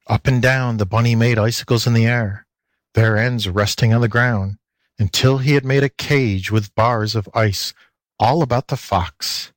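A man reading a children's storybook aloud, expressive and lilting, into a close mic. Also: medium pitch, normal speed, dry recording. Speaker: audiobook reader. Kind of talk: storybook narration.

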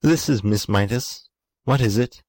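A man's voice: fairly low pitch, lively intonation, a little slow, dry recording, pitched above the performer's own voice. A man voicing a vain, haughty young lady in a storybook reading, speaking in a cold, dismissive way. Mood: disdainful.

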